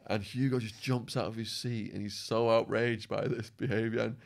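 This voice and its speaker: Low-voiced man telling prison stories. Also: normal speed, vocal fry. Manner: animated storyteller acting out quotes with swearing. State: voice going hoarse. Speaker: podcast guest. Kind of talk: storytelling in an interview.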